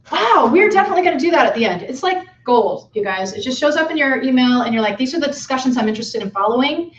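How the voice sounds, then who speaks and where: A woman's voice: fairly high pitch, distant mic. A woman giving an informal, chatty conference talk to instructors, with frequent fillers. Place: conference session room. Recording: dull echoey room from afar.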